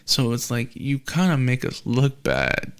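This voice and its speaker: A male podcast host in loose conversation, his voice carrying a gravelly rasp. He rambles through a personal story, slipping into the voices of the people he quotes. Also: mid-range voice, very animated, a little slow. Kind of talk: casual conversation.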